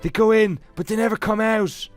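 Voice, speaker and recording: A man's voice: medium pitch, lively intonation, normal speed, lightly acted. A man doing a meek, wimpy bird king. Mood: anxious. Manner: plain, meek and blunt.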